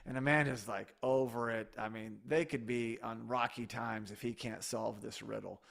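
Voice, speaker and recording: Gravelly man chatting on a podcast. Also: medium pitch, moderate pace. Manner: animated, self-correcting, enthusiastic. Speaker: podcast co-host. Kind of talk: casual podcast chat.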